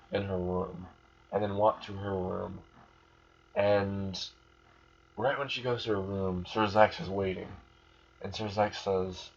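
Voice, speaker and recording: A man's voice: sits low, breathy edge. A man casually retelling a fan story, rambling along with fillers and restarts. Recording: muffled lo-fi recording.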